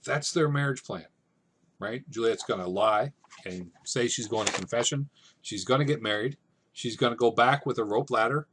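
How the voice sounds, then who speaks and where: A man teaching over slides, explaining a scene in relaxed, conversational everyday language. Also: medium pitch, normal speed, slight background noise. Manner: relaxed, conversational, paraphrasing in plain modern speech. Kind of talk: casual classroom explanation.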